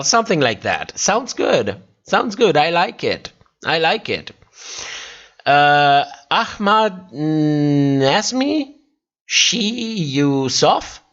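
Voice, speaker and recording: A man's voice: on the high side, fairly bright tone, muffled recording. Tired man chatting on a livestream. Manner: chatty, laughs often, reacts to viewers. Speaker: livestream host. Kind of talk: casual chat reading live comments.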